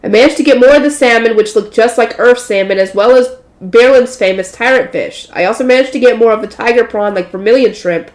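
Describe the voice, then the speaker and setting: A woman's voice: a little high, fairly quick, a little mellow. A tired woman reading a light novel aloud in a casual way, correcting slips and adding chatty asides. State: tired and yawning. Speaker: audiobook reader. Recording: roomy echo.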